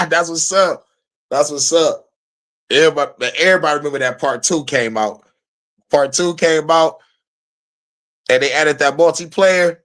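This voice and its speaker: Man, 30s, podcast host: casual, profane and excitable, laughs easily. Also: fairly high pitch, normal speed, long pauses. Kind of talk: casual chat.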